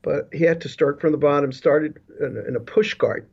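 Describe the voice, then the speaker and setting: Speaking at a normal speed, a man with a slightly high, slightly mellow voice, marked by vocal fry and a breathy edge, shares his life story. He's a business leadership consultant interviewed over a remote video call, and he rambles, restarting often and drifting into asides, all captured in dull lo-fi call audio.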